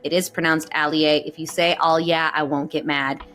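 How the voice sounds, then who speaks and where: A woman's voice: low voice, level tone, normal speed, a bit bright, faint music behind. A woman voice actor who is a guest on a podcast, chatting casually in a bubbly way and laughing often.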